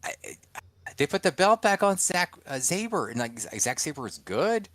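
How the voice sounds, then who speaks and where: A man's voice: a little high, very animated, normal speed, fairly bright tone, no echo. A man co-hosting a podcast, chatting casually and rambling with lots of fillers and restarts. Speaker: podcast co-host. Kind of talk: casual wrestling chat.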